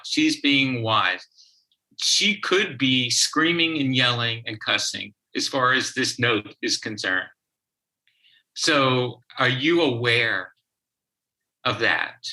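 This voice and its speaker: A man tells a story from his work as a therapist in a podcast interview. He speaks slowly and stops often to restart his sentences. His voice sounds very bright and edgy. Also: medium pitch, rough recording. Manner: slow, halting, with many restarts. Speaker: guest, child therapist.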